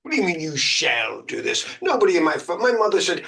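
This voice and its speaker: A man's voice: fairly high pitch, big pitch swings, fairly quick, vocal fry, fairly bright tone. An American man teaching exam prep in a casual, jokey chat, full of uh and um. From United States. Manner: chatty, jokey, lots of uh and um. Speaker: cybersecurity exam instructor.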